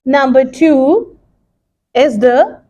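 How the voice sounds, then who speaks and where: A woman English teacher explaining a lesson to students, slowly and deliberately, with many pauses and repeats. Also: sits high, animated, dark tone. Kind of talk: recorded classroom lesson.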